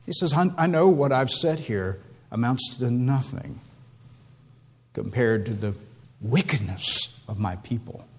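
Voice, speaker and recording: A man preaching a sermon, building emotional appeals with repeated rhetorical questions and dropping to a low, hushed tone at times. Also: expressive, measured pace, breathy edge. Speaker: pastor.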